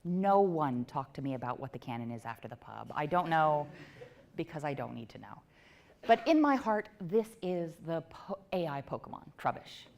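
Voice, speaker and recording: A woman's voice: low voice, very animated, vocal fry, darkish tone. Playful woman giving a tech talk. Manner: playful, self-mocking, quick asides. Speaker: conference speaker. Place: event venue before a live audience.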